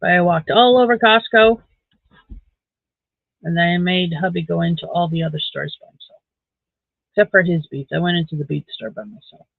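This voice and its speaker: A woman's voice: fairly low pitch, moderate pace, creaky, long pauses, no echo. A middle-aged woman, chatting casually on a live stream while crocheting, rambling along with dry sarcastic asides. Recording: dry, tinny phone-like sound.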